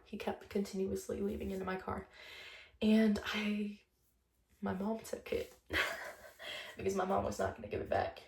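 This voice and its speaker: A woman's voice: mid-range voice, steady tone, moderate pace, vocal fry, darkish tone, roomy sound, distant mic. A young woman telling a breakup story in a casual vlog, chatty and blunt, swearing freely and laughing often. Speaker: vlogger.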